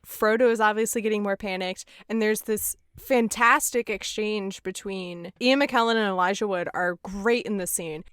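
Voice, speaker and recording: A woman hosting a podcast, chatting casually and laughing through quick asides while recapping a film. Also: mid-range voice, steady tone, fairly bright tone, clean tone, dry recording, studio quality. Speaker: podcast host.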